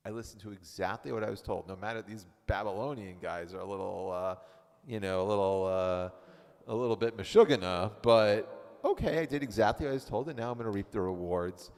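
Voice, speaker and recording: A man's voice: on the low side, a little fast, darkish tone, pitched below the performer's own voice, lightly acted. A man playing a proud, obedient ancient wife who talks in a self-satisfied, mock-pious way. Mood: smug. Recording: reverberant hall.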